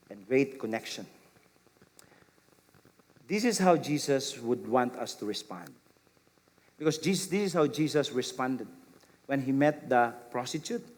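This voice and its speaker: A middle-aged man preaching a sermon as pastor, repeating phrases and acting out gentle replies. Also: medium pitch. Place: church sanctuary. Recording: long hall reverb.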